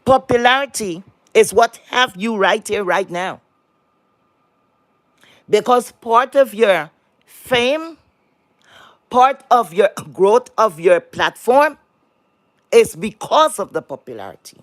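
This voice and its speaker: In a mid-range, animated voice that moves slowly with frequent pauses, a streamer unloads on the audience with blunt, swear-filled venting. The same words keep coming back, along with rhetorical questions thrown at the viewers. The audio is close and dry, without any room sound.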